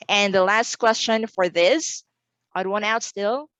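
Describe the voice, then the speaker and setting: A woman's voice: mid-range voice, takes it slowly, a bit bright, clean tone, no echo, rough recording. A woman from the Philippines giving an online exam review lesson, repeating words carefully for pronunciation drills.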